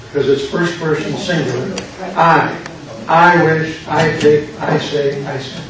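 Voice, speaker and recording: An older man, a pastor, slowly and patiently explaining grammar in a classroom lecture. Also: fairly high pitch, fairly even intonation, a crowd in the background. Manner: slow, patient explaining with repetition. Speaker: pastor teaching a Greek class. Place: church classroom. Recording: echoey classroom from far off with background noise.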